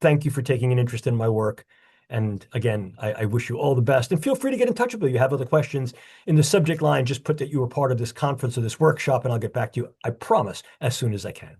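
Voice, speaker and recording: Husky New York man, lively lecturer. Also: mid-range voice, fast talker. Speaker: guest lecturer. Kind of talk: closing remarks of an online lecture.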